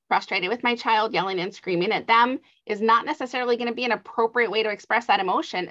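Woman, middle-aged, earnest explanatory talk, medium pitch, muffled lo-fi recording. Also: a bit bright. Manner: earnest, explanatory, with light laughs. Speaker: author and adoption guest. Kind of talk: conversational advice interview. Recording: slightly dull lo-fi audio.

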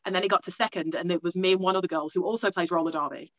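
Fast-talking young woman telling a story. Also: fairly low pitch, fairly even intonation, a bit bright, no echo, highs cut off. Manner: fast, rambling, lots of "like" and quoted self-talk. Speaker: guest. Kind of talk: casual storytelling interview.

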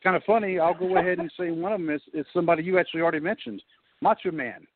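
A man co-hosting a podcast leans into trivia, his voice slightly high and carried over a thin, phone-like line. The sound is dry and close. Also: very fast, dry recording. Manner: shares trivia eagerly. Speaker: podcast co-host. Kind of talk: casual podcast chat.

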